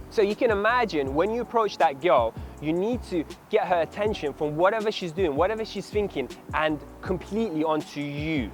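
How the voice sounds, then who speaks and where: A man's voice: on the high side, normal speed. Upbeat man coaching outdoors, music behind. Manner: animated, demonstrates approaches in acted voices. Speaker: dating coach. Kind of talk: direct-to-camera coaching talk.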